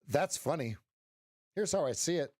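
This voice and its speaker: A middle-aged man coaches on a casual live trading stream, rambling and joking, often restarting his sentences and tacking on "right?". His voice sits on the high side with a darkish tone, in a dry, studio-quality recording.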